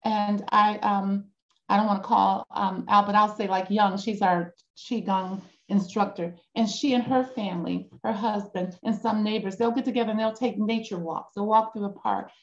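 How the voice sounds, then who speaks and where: A woman facilitating a grief support group over a video call, speaking encouragingly and pausing often with ums. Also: medium pitch, fairly even intonation, lo-fi sound. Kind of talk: group discussion.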